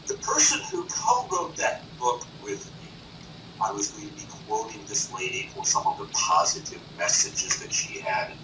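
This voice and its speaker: A man from North Carolina, a boastful and animated talk show guest in a TV studio. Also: lowish voice, far from the mic. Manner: boastful, animated, does quick impressions. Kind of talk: boastful chat. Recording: echoey room, off-mic, noisy.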